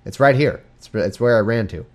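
A man's voice: mid-range voice, fairly quick, lightly acted. A man voicing an exasperated young male servant who answers back in casual modern speech.

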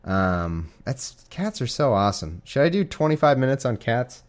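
A young man hosts a casual podcast from his living room. He rambles with many restarts and self-deprecating asides, in an easygoing, average-pitched voice. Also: sing-song, moderate pace. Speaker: podcast host. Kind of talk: casual chat and scripture reading. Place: home living room with a cat.

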